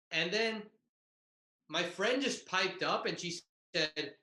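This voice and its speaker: A man's voice: a little high, lively intonation, measured pace, sharp tone, roomy sound, low-quality recording. A young man and comedian telling a tag-team story in a loose, profane, self-mocking way over a video call. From Bay Area, California.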